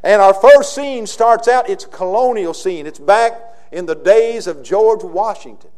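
Man, pastor, Southern US accent, high voice, emphatic sermon, loud then hushed. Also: expressive. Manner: emphatic, swings between loud declarations and quiet slowed phrases.

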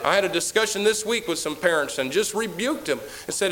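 A man preaching a sermon as a pastor, telling a story and swinging from hushed tones to booming exclamations. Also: lively intonation, brisk, hardly any pauses, low-quality recording.

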